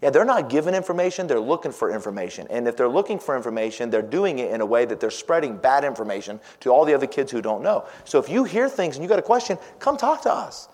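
A middle-aged pastor preaches with a voice of ordinary male pitch, pressing hard on key words and then dropping low and hushed. His scripture quotes come in old-fashioned wording. The sound rings with a long reverb, as in a large hall. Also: big pitch swings, fast talker, hardly any pauses. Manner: dramatic swings from loud emphasis to hushed near-whisper. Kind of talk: sermon.

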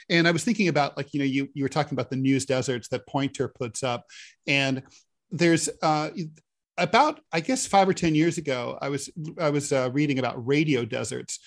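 A man's voice: mid-range voice, normal speed, creaky. Sardonic man co-hosting a podcast. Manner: sardonic, deadpan sarcasm. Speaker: podcast co-host. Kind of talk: casual political chat.

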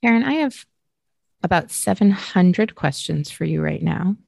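A woman host with a notably low voice poses thoughtful, measured questions in an interview. The sound is dry and close, with no room around it. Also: animated, vocal fry, darkish tone, no echo. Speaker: podcast host. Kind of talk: interview conversation.

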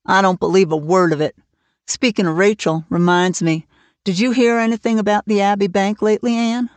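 A woman's voice: medium pitch, fairly even intonation, brisk, dry recording, natural voice. A woman reading the part of a stern, worried older farm woman who speaks plainly and bluntly, for an audiobook. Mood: brisk.

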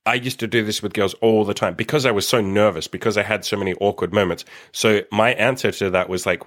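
A man's voice: lowish voice, fairly quick, hardly any pauses. A young man hosting a casual solo dating podcast, blunt and swearing freely as he acts out bits of conversation. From Australia. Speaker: dating coach podcast host.

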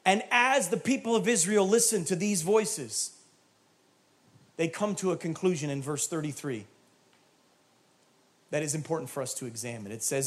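Man, pastor, high-pitched voice, animated sermon, acts out dialogue, shouted climaxes. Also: normal speed, pauses often.

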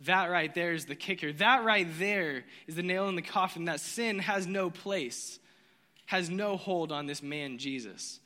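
A man preaching a sermon in a dramatic, casual way, dropping from loud, quick bursts to low, slow lines and slipping slang into his preaching. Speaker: pastor. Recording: long hall reverb.

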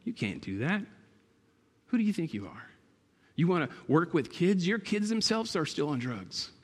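A man's voice: fairly high pitch, sing-song, normal speed, slightly rough, voice pushed up. A man voicing a taunting inner voice of guilt that mocks and accuses with repeated questions. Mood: mocking. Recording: long hall reverb.

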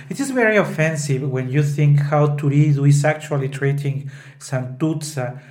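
A man's voice: a little high, normal speed, a little mellow. A man hosting a show on opera, retelling a scene in a loose, informal way with many fillers. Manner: loose, with many fillers, quoting lines in Italian and English. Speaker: podcast host explaining an opera. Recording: roomy echo.

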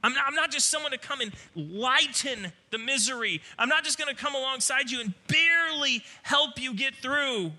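A man's voice: very high voice, expressive, moderate pace, hardly any pauses, pitched above the performer's own voice, heavily acted. A male preacher voicing Jesus as a reassuring, powerful savior, speaking insistently in a sermon. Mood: fervent reassurance. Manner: fervent, insistent, rising to near shouting.

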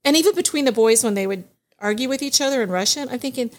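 A middle-aged woman guest on a podcast, telling family stories in an animated way and laughing often. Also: on the high side, quick pace. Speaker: guest, divorce mediation attorney. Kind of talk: casual podcast storytelling.

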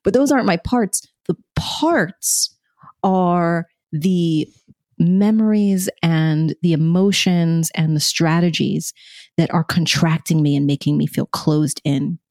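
A woman co-hosting a podcast, telling a personal story in an expressive way and acting out remembered dialogue. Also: low voice, unhurried, no echo, studio quality. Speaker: podcast co-host.

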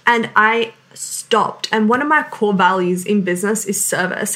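A woman's voice: on the high side, a bit bright. A woman in her thirties, a sales coach, giving an earnest, emphatic motivational business talk full of "like". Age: 30s. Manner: earnest and emphatic, heavy use of "like".

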